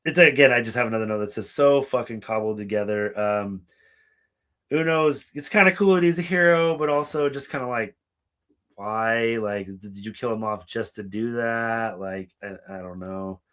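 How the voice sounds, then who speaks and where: A man co-hosting a podcast, chatting casually and profanely, laughing and dropping quick impressions. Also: fairly low pitch, fairly bright tone. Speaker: podcast co-host. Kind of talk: casual chat.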